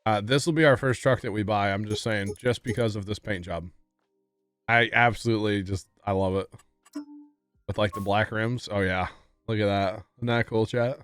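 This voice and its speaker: A man's voice: lowish voice, fairly even intonation, moderate pace, fairly bright tone, faint music behind. Chatty man streaming a farming game. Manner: chatty, often apologizing to chat with laughs. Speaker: livestreamer. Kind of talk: casual gameplay commentary.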